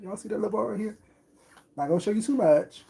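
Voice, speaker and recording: A man's voice: sits high, fast talker, gravelly, mellow, a little hiss or hum. A middle-aged man in a casual live-stream chat as a food vlogger, talking in a sassy, boastful, flamboyant way.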